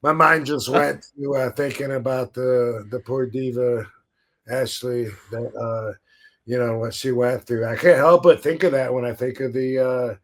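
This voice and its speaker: A man's voice: mid-range voice, fairly even intonation, measured pace. A man hosting a podcast, telling a story in a laid-back, casual way, swearing freely and laughing now and then. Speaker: podcast host.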